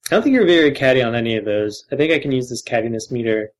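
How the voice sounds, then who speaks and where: A man's voice: mid-range voice, lively intonation, rapid-fire, poor audio. A man co-hosting a podcast in casual banter, wry and teasing. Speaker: podcast co-host.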